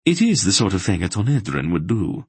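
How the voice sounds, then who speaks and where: A man's voice: low-pitched, very animated, a little fast, breathy edge, no echo, exaggerated voice. A man reading an audiobook and voicing a worldly, sly male rogue with a dry, sardonic delivery. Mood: wry.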